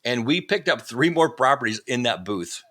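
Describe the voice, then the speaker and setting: A man's voice: mid-range voice, normal speed. A man, a vacation rental company owner, telling his story in a casual remote interview and acting out the dialogue as he goes. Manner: animated, acts out quoted dialogue. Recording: remote video call.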